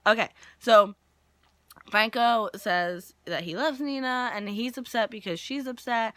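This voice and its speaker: Young woman in her twenties, bright and tense tone, dry close sound, losing her voice, chatty recap vlog. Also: a little high, a little slow, no room sound. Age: 20s. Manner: animated, jokey, acts out characters' lines. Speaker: soap opera recap vlogger.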